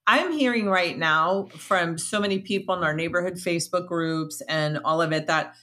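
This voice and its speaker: A woman's voice: lowish voice, moderate pace, bright, forceful tone. A woman hosting an interview podcast, bubbly and talkative, chatting casually with her guest and laughing easily. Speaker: podcast host.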